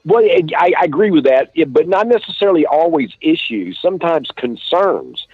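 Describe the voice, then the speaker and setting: A man with an East Texas accent, an author being interviewed, telling stories in a relaxed drawl with many restarts. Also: fairly high pitch, moderate pace, slightly rough, no room sound, faint music behind. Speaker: author guest. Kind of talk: casual interview talk. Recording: dull lo-fi dry stream audio.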